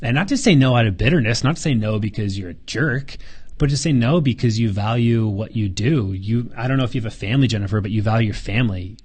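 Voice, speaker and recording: A man's voice: mid-range voice, fast, darkish tone, slightly rough. A man hosting a live Q&A and answering viewer questions in a casual, earnest way. He gets fired up, stumbles over repeated words and drops casual swearing and slang.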